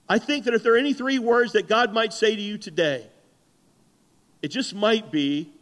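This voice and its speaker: A man preaching a sermon as pastor, animated and conversational, acting out the voices in the stories he tells. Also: sits high, normal speed. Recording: long hall reverb.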